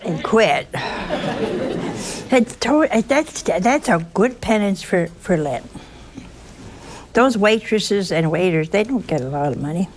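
A woman's voice: medium pitch, expressive, slow, long pauses, a little hiss or hum. A woman giving an informal sermon, telling chatty, teasing stories with a folksy touch. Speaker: religious speaker.

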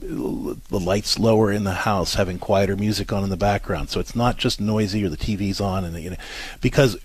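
A man's voice: fairly low pitch, steady tone, a little fast, husky. A man co-hosting a parenting show, explaining in an earnest, fumbling way with many restarts. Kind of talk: advice talk.

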